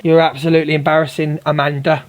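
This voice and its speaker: On a livestream, a male host with a fairly high voice talks fast and flat, ranting heatedly at a female viewer and calling her "darling" over and over.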